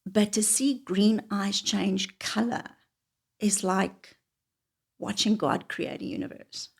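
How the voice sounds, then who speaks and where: A woman telling a wry, confessional personal story, often dropping into hushed whispered asides. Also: medium pitch, steady tone, takes it slowly, gravelly, breathy edge.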